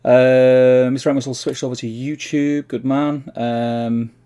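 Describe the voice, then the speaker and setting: A man's voice: mid-range voice, little pitch movement, a little slow, dark tone, smooth. A man with a Mancunian accent hosting a casual livestream, rambling chattily and calling viewers "mate" as he reads out their comments. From Manchester, England. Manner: rambling, reads chat aloud, chummy "mate". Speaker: livestream host.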